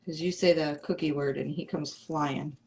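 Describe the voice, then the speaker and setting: A woman's voice: low-pitched, fairly even intonation, normal speed, a little mellow. A middle-aged woman hosting a crafting livestream, chatting casually and playfully with her viewers and answering their comments. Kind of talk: casual chat with live viewers.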